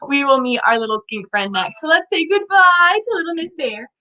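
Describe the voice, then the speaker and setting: Young woman, kids' animal show host, lively sing-song delivery, playful sound effects, higher-pitched voice. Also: brisk, poor audio. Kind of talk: educational talk for young children.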